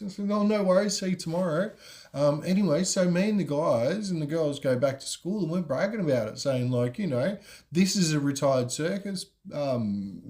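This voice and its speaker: A man's voice: medium pitch, a little mellow. A middle-aged man, a podcast host, telling a rambling story in a casual way, full of ums and you-knows.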